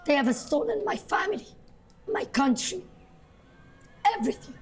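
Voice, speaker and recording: Hoarse impassioned woman with an Iranian accent. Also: high-pitched, sing-song, normal speed. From Iran. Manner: impassioned, emphatic. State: hoarse, lost voice. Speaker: guest journalist. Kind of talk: live TV interview.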